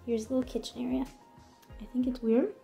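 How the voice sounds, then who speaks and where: A woman's voice: on the high side, flat delivery, a little fast, vocal fry, over loud music. A young woman vlogging from a small room, telling a story casually and filling her speech with "like". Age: young adult. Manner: chatty, fills speech with "like". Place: small quarantine room indoors.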